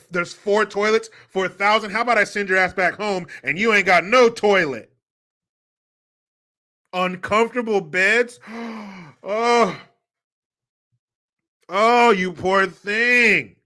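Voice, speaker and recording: A man's voice: high-pitched, sharp tone. A man hosting a live-stream commentary, ranting in a sarcastic, mocking and profane way. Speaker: livestream commentary host.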